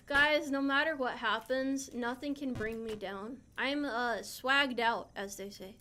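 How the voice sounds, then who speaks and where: While playing a game on stream, a young VTuber casually and playfully reads and replies to her chat. Her sharp, fairly high voice keeps a measured pace with hardly any pauses, and there is slight background noise.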